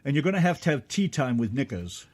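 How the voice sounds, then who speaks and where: A man's voice: medium pitch, big pitch swings, fast, darkish tone. A man hosting a show, rambling and joking in casual chat. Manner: rambling, joking, interrupts himself. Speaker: radio show host.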